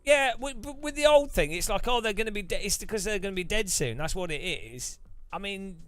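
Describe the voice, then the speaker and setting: A man rants his way through a casual live stream, his voice bouncing high and low as he mocks people in silly put-on voices. The sound is smooth and dry, recorded close, with faint music playing underneath. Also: a little fast, dry recording. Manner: animated, ranting, swears, mimics voices for effect. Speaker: streamer host.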